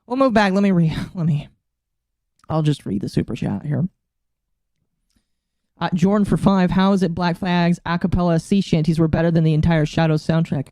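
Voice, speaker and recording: A woman's voice: lowish voice, fairly even intonation, normal speed, pauses often, dark tone, dry recording, clean studio sound. A woman VTuber streamer chatting casually to her live audience, flustered and exasperated as she fiddles with her settings and talks to herself.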